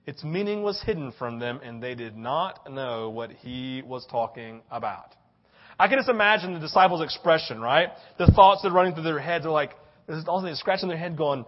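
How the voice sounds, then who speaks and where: Older guy preaching, pretty high voice that swoops around a lot, acts out bits, keeps asking "right?", kinda dull lo-fi audio. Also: fast talker. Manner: animated, acts out voices, many "right?" asides. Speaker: pastor. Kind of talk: sermon.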